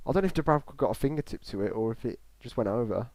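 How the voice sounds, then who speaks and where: A man's voice: mid-range voice, racing, gravelly, no echo. An English man streaming live reactions to a football match, talking nonstop through the play and reading out chat messages, recorded in a small closed room at a desktop mic. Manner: excitable running commentary, reads live chat. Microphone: desktop mic in front of a screen.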